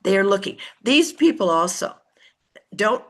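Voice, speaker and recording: A woman's voice: medium pitch, very animated, a little slow. A woman giving a direct, emphatic talk to a team and putting questions to her listeners. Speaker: speaker addressing a team.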